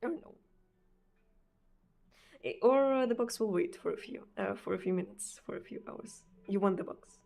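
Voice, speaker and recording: A Russian-accented woman streaming live, talking to her chat in a loose, unhurried way. Her pitch sits in an ordinary middle range for a woman. She searches for words, repeats herself, and often drops in small fillers. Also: vocal fry, a little mellow. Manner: hesitant, many fillers and repeated words, frequent laughs.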